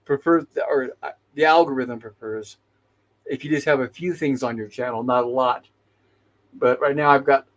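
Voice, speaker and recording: A man's voice: mid-range voice, a little mellow. Chatty man reading out viewer comments. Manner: reads viewer chat messages aloud and greets each viewer by name; hesitant, with frequent restarts and self-corrections. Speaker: livestream host. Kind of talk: casual livestream chat.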